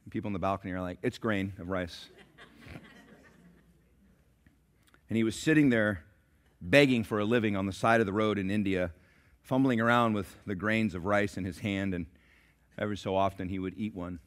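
A man preaching a sermon in a church, telling a story dramatically and swinging from hushed to loud. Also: lowish voice, a little fast, pauses often. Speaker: pastor. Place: church sanctuary.

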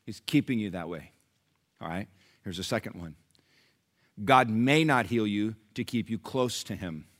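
A man preaching a sermon, dropping to a hush and then rising loud and fervent, acting out the people in his stories. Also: lowish voice, lively intonation, moderate pace. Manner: swings from hushed to loud and fervent; acts out quoted people in raised voices. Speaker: pastor.

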